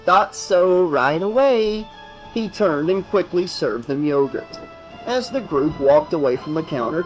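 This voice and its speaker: A man's voice: fairly high pitch, lo-fi sound. Man narrating a horror audiobook. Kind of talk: unabridged audiobook reading.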